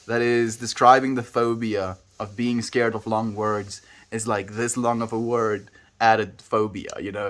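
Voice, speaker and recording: This is a South African man talking to his stream audience from home. He keeps it loose and chatty, with an average pitch for a man, and he likes to linger on words and roll them around for fun. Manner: relaxed, chatty, plays with word sounds. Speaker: livestreamer. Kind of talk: casual chat with viewers.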